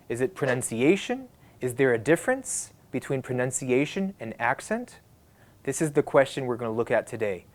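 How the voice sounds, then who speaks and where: A man, an English fluency coach, explaining a lesson in a steady voice and posing questions as he goes. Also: medium pitch.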